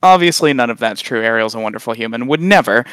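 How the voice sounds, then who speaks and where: A young man, a guest on a casual chat recorded remotely, telling funny stories with lively acted-out quotes. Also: fast talker, clean tone, no room sound. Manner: animated storyteller, acts out quotes in high voices. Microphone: long-distance remote recording.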